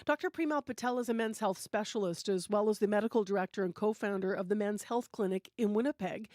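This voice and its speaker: Woman, radio host, relaxed delivery, lots of fillers, close studio mic. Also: mid-range voice, dry recording. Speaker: radio morning show host. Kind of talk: live radio hosting and weather. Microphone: studio microphone.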